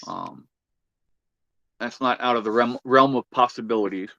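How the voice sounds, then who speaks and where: A man's voice: mid-range voice, normal speed, pushed and bright, dry recording, highs cut off. A man hosting a casual livestream chat, easygoing and chatty, reading out viewer comments. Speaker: livestream host.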